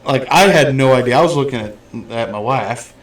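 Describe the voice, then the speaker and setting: A man's voice: mid-range voice, fairly quick. A man hosting a podcast, in a casual, blunt and profane chat about a movie. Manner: blunt, profane, animated storytelling. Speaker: podcast host.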